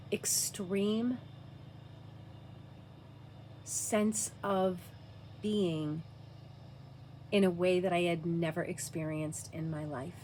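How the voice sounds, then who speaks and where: A woman telling a personal story to camera, earnest and halting, dropping to a hushed near-whisper at times. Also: mid-range voice, slight background noise. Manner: earnest, frequent "like" fillers.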